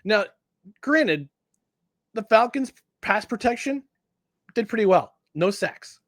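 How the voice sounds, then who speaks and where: A man co-hosting a sports podcast in casual chat, animated and jokey, often restarting his sentences. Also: high voice, slow, no room sound, studio quality. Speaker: podcast co-host.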